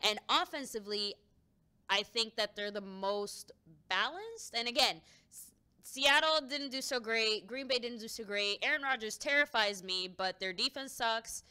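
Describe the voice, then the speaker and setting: A woman co-hosting a casual live-stream sports chat, chatty and thinking out loud as she gives her opinions. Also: on the high side, animated, a little slow, clear, resonant tone. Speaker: fan show co-host.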